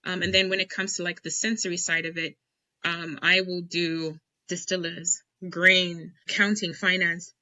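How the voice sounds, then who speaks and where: A woman's voice: on the low side, little pitch movement, moderate pace, bright, forceful tone, no room sound, muffled recording. A woman guest on a casual podcast interview, talking emphatically and with enthusiasm about blending whiskey. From United States.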